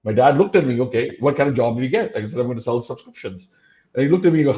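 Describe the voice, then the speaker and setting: Animated storytelling man in his fifties. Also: medium pitch, very fast, muffled recording. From Dubai. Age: 50s. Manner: animated, acts out quoted dialogue, frequent uh fillers. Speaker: podcast guest. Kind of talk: storytelling in a casual interview.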